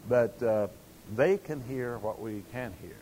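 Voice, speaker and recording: A man's voice: medium pitch, unhurried, warm tone, slight background noise, rough recording. An older man preaching a sermon, telling stories in a folksy way and acting out quotes. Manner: folksy storytelling with acted quotes.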